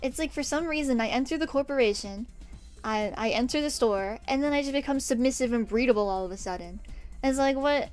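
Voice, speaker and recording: Drawing on stream, a young VTuber spins chatty stories peppered with swearing and laughs. She talks fairly quickly in a high-pitched voice, and faint music plays in the background.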